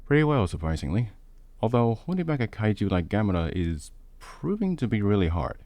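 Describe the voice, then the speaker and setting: A man voicing a calm, easygoing middle-aged brother who has lived abroad for decades, in a relaxed, teasing way, for a fan-made audio story. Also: on the low side, brisk, no room sound, voice pushed up.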